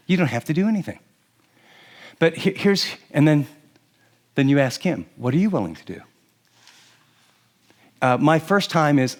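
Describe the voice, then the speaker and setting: A middle-aged man preaching on marriage, lively and laughing often as he acts out what husbands and wives might say. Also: a little high. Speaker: pastor. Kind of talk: sermon on marriage to a live audience.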